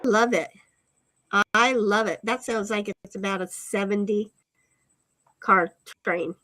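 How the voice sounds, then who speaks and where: A woman's voice: mid-range voice, slow pace, a bit bright, no room sound, poor audio. A woman hosting a casual live stream, reading viewer comments aloud in a giggly, playful, teasing way. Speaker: streamer host.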